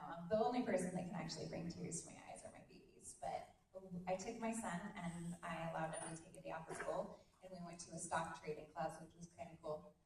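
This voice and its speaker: A woman in her thirties giving an emphatic, energetic motivational talk on stage, swearing now and then and joking with the audience. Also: lowish voice, slight background noise. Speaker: motivational speaker at a business event. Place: large hall. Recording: very echoey hall from far off.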